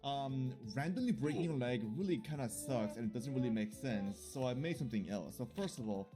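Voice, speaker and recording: A man giving jokey gameplay commentary for his video, excitable and laughing often. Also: medium pitch, a little fast, over music. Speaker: gaming video creator.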